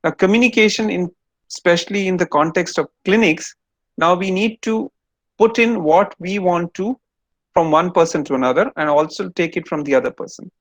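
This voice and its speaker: A man's voice: high voice, normal speed, no room sound. A man giving an online lecture to students over a video call, explaining step by step and quizzing them.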